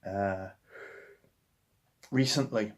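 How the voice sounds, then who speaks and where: A man's voice: on the low side, drawn-out words. A man in his forties with a Yorkshire accent, a musician talking casually and enthusiastically about the records that shaped him. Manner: enthusiastic and rambling, with frequent restarts. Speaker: musician guest.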